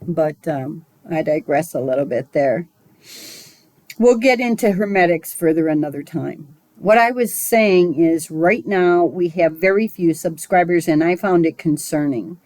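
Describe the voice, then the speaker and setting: A woman teaches a spiritual class at a very unhurried pace, her voice sitting a little low. She talks in a measured, musing way and sometimes wanders into side thoughts. The sound is dry and close. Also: darkish tone, no echo, poor audio. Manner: slow, measured and musing, with small digressions. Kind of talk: recorded esoteric lesson.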